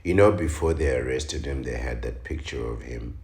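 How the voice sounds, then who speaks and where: A man hosting a commentary show, reading a news article aloud and reacting to it with slow, dramatic, mocking remarks and sudden loud exclamations. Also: a bass voice, fairly even intonation, echoey room. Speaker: commentary channel host.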